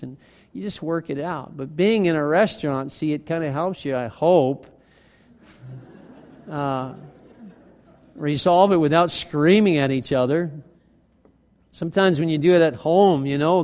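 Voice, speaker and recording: A man preaching a sermon as worship leader, conversational and animated, acting out quotes from everyday life. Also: on the high side, long reverb tail. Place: church sanctuary.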